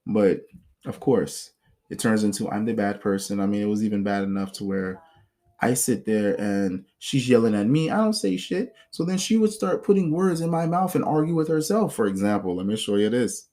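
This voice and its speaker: Man, podcast host, casual storytelling monologue, blunt, profane, animated. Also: on the low side, moderate pace. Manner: blunt, profane, animated retelling with acted quotes.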